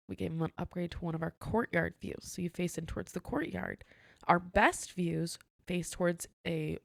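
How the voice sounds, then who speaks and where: A woman's voice: lowish voice, vocal fry, no echo, studio quality. A woman who works as a hotel manager, telling work stories on a casual podcast in a chatty way, full of "like" and "you know.". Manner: animated storyteller who acts out dialogue.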